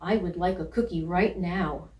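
A small, eager male puppy, polite and hopeful, calling out in a raised, high voice, as a woman reading a storybook puts him on. The sound is roomy and a little distant, as if the reader is set back from the mic. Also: moderate pace, darkish tone, natural voice. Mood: wishful.

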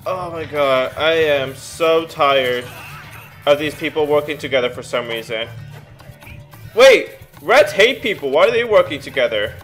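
A young man talking through a video game, reading its text aloud and then groaning and exclaiming at the results. His voice sits a bit higher than most men's. Soft game music plays behind him. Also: normal speed. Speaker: let's play gamer. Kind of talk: casual gameplay commentary.

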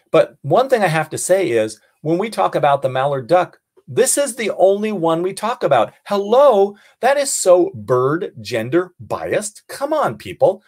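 A man's voice: fairly high pitch, darkish tone, husky. A middle-aged man teaching an online birding lesson as a naturalist, playful, thinking aloud and often dropping to a mutter while he observes. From California.

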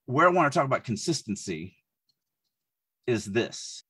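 A man from the Deep South, co-hosting a podcast and talking through writing edits in an animated way, often restarting his sentences. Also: normal speed, pauses often, husky, dry recording. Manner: animated, thinks aloud with frequent restarts. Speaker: podcast co-host, writing editor. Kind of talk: casual podcast discussion.

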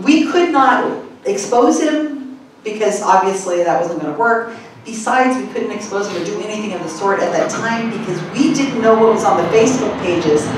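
Woman telling a story in an echoey hall. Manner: mimics people in high squeaky voices, laughs often. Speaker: conference speaker. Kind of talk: animated storytelling talk. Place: conference hall. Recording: echoey hall, mic far off, faint room hum.

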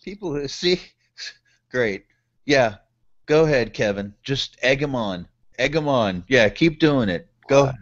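A man's voice: medium pitch, lively intonation, a little slow. A man co-hosting a podcast, teasing his partner with short banter replies. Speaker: podcast co-host. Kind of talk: casual chat. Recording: dull lo-fi podcast audio.

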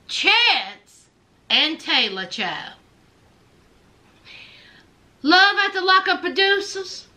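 A woman's voice: extremely high pitch, sharp tone. A woman hosting a reality TV recap, sassy and teasing, talking straight to her viewers.

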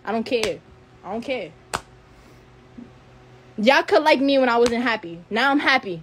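A woman's voice: fairly high pitch, expressive, measured pace, slight background noise. An 18-year-old woman ranting angrily on a live stream. She swears constantly, repeats herself, and stumbles over her words when upset. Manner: heated, profane, repeats phrases, stutters when upset. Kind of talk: angry rant on a live stream.

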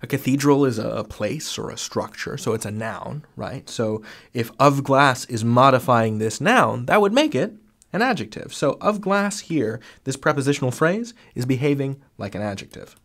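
A man teaching grammar in a relaxed, conversational lesson, enthusiastic and full of fillers and restarts, recorded as a close voice-over. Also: mid-range voice, normal speed, creaky.

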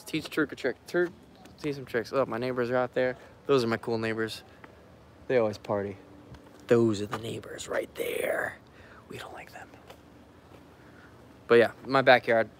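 A man's voice: medium pitch, slight background noise. A man from the United States chatting casually on a live stream from his home and backyard, swearing freely and talking to his animals. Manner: loose, swearing, talks to animals and chat. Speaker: pet keeper streaming live.

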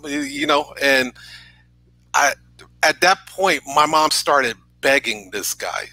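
A man from New York tells a personal story as a podcast guest over a video call. His voice is bright and forward, recorded dry with no room sound. He talks earnestly and keeps checking in with "right?". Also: on the high side, measured pace, dry recording, rough recording. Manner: earnest, says "right?" often.

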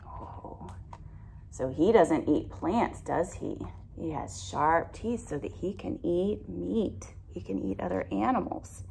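A woman reading a picture book aloud to a young child, gently asking questions along the way. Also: lowish voice, measured pace, gravelly, few pauses, a little hiss or hum. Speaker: storyteller for children.

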